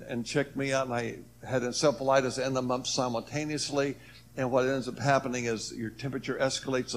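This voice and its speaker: An earnest man giving a personal testimony in an ordinary mid-range voice. He tells it as a story, letting his voice rise and sink and acting out the voices of others. A faint hum sits behind the recording. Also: medium pitch. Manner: earnest, voice rises and falls with the story, acts out quoted speech. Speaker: speaker telling his near-death story.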